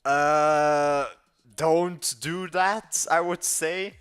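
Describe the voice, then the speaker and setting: A Belgian coder in his late teens chats casually on a livestream, answering viewers with blunt opinions, rambling and correcting himself mid-sentence, and his accent sounds mixed European. His voice is fairly high and steady in tone, spoken very slowly, a bit bright, clear and resonant.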